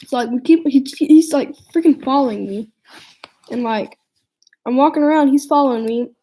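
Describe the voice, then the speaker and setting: Rambling teen girl with a mellow voice. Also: high-pitched, normal speed, low-quality recording. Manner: rambling, full of "like" fillers and restarts. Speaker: vlogger. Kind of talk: storytime vlog.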